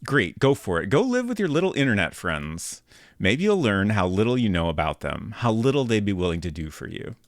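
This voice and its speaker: A man's voice: fairly low pitch, very animated, a little fast, dry recording, clean studio sound. A man voicing a stern, worn-down middle-aged mother in a game, lecturing in a reproachful tone. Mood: bitter.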